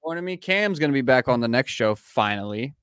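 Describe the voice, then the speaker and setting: A man's voice: medium pitch, a little fast, smooth, no room sound. A young adult man hosting a podcast in casual chat, telling profane stories and acting out what people said. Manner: animated storyteller who acts out quotes. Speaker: podcast host.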